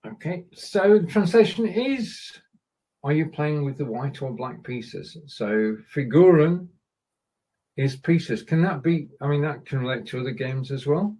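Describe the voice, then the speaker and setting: A man's voice: fairly high pitch, lively intonation, unhurried, dark tone, husky, low-quality recording. A man hosting a casual chat show, chatty and a little hesitant as he tries out German sentences. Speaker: podcast host. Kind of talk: casual chat, language lesson.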